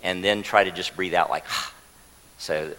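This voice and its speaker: Leading his congregation as a warm, joking teacher, a pastor preaches a sermon and gets the people to repeat a word along with him. He speaks briskly in a low, steady voice. The sanctuary gives a long reverb tail, and the recording is rough.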